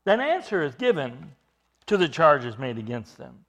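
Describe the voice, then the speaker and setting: A male preacher giving a sermon, emphatic, building up to loud stressed phrases and dropping to quiet asides. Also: fairly high pitch, big pitch swings, measured pace, vocal fry.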